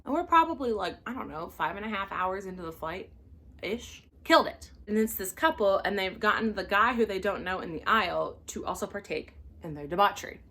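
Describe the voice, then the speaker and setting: A woman who hosts her own vlog as a flight attendant, telling a story casually with an animated, exasperated manner and some swearing. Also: mid-range voice, normal speed.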